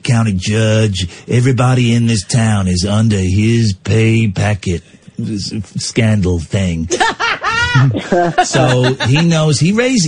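A man playing a menacing male gangster henchman in a comic radio bit, talking low and slow with a sneer. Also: a little mellow, a little hiss or hum. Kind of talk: comic improvised role-play on radio.

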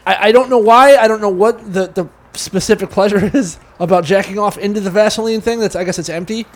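A man in casual chat, excitedly telling profane local anecdotes with laughs. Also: sits high, a little fast.

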